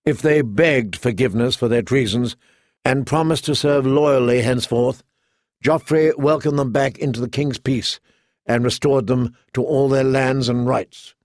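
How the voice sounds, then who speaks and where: A man reading a fantasy novel aloud as an audiobook narrator, measured and steady. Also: mid-range voice, dry recording, studio quality. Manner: measured, storytelling. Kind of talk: scripted narration.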